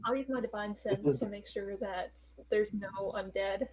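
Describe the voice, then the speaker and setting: A woman's voice: medium pitch, fairly even intonation, measured pace, darkish tone, slightly rough, rough recording. A woman playing a tabletop game who talks casually and easily about what her character does. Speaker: player.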